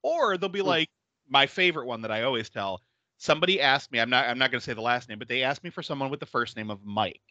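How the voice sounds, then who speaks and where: A man hosting a casual movie recap podcast, telling stories in an animated way, laughing often and swearing freely. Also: medium pitch, quick pace, no room sound, dull audio. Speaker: podcast host.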